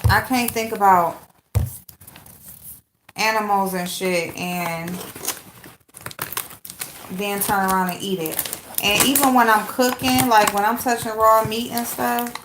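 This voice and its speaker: A woman hosts a casual live stream, speaking slowly with frequent pauses in a medium-pitched voice. She chats with viewers and greets each by name. Echo and background noise fill the recording.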